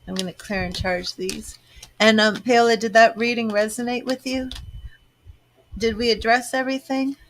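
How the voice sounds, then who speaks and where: A woman's voice: on the high side, steady tone, normal speed, a little hiss or hum. A woman giving a live-stream psychic reading, reassuring and chatty as she answers viewers' comments. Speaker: psychic reader.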